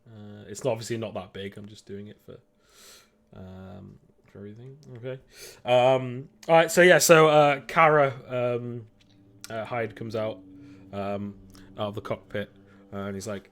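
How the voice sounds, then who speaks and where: A man's voice: lowish voice, fairly even intonation, a little slow, fairly bright tone. A man narrating a sci-fi tabletop game as game master, rambling with many fillers and restarts.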